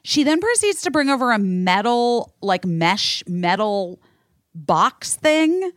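A woman from the United States hosting a podcast, telling a story in a profane, animated rant. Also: medium pitch, slow pace, dry recording, studio quality. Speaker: podcast host. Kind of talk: casual podcast chat.

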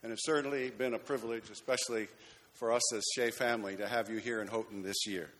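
A man's voice: on the low side, steady tone, fast talker, a bit bright. A man, a pastor, making chatty, lightly joking announcements and honoring people in a church sanctuary. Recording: long reverb of a church hall.

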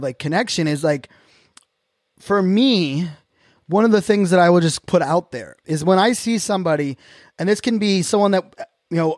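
A man's voice: high voice, a little mellow, no room sound, clean studio sound. A man hosting a casual solo podcast, talking earnestly and reflectively in loose, self-correcting sentences. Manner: earnest, openly reflective, talks in loose restarts. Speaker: podcast host.

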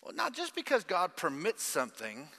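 Animated older preacher with a high, bright voice. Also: male voice, normal speed. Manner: animated, emphatic, questions the congregation. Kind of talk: sermon. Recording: long hall reverb.

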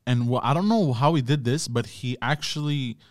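A man chatting casually on a podcast, excitable and quick to act out the stories he retells. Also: mid-range voice, no echo, studio quality. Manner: excitable, acts out shrieking quotes. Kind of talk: casual chat.

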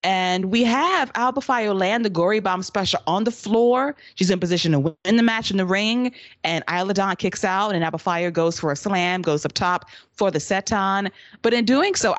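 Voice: mid-range voice, moderate pace, fairly bright tone, dry recording. Laughing, sarcastic wrestling podcast host. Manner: sarcastic, laughs often while telling. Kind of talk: casual wrestling recap chat.

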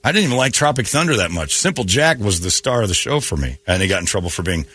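A man's voice: on the low side, sing-song, fast talker, pushed and bright, husky. A man hosting a morning radio show, ranting bluntly and joking in opinionated banter.

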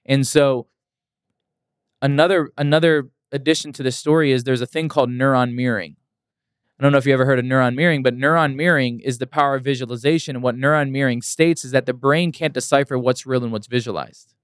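A man's voice: medium pitch, steady tone, fast talker, smooth, no room sound, clean studio sound. A young adult man, a motivational speaker, telling his story as an interview guest in an earnest, emphatic way, repeating lines for weight.

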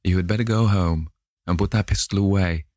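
A man reading an audiobook, voicing a young gentleman who stammers in fear and then turns cold and stern. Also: low-pitched, a little fast, no room sound, studio quality, natural voice. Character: young man, panicked then coolly arrogant.

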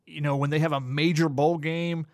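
A man's voice: on the high side, level tone, moderate pace, no room sound. A man co-hosting a podcast in casual banter, giving blunt opinions with dry jokes. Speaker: podcast co-host.

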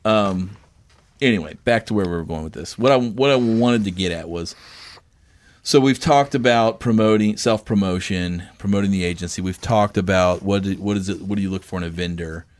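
Midwest guy cohosting a podcast, kinda low voice, rambly and chatty, joking around. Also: brisk. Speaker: podcast co-host. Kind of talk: casual podcast chat.

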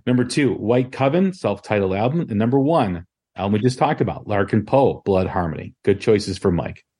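Low-voiced man hosting a music podcast. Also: normal speed, breathy edge. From Chicago area. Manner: relaxed, rambling, with many ums and restarts. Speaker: podcast host. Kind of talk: casual music podcast chat.

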